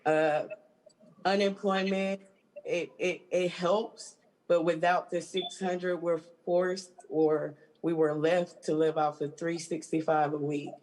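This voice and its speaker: A woman from Georgia, a union stage hand, speaking haltingly and emotionally on a video call. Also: on the low side, level tone, darkish tone, poor audio. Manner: halting, emotional, with many restarts.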